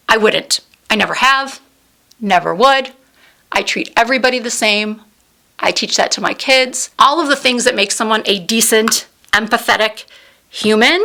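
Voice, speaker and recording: Bright-voiced woman sharing a story. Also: medium pitch. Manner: earnest, heartfelt retelling. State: close to tears. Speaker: beauty vlogger. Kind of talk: storytelling while doing makeup.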